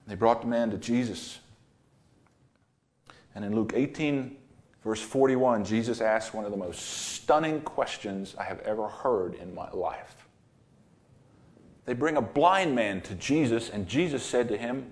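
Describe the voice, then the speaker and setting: A male preacher delivering a sermon in a mid-range voice. He tells the story vividly, rising to loud emphasis and dropping to hushed asides. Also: mid-range voice, animated, unhurried. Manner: storytelling, dynamic, swings between loud and hushed. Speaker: pastor.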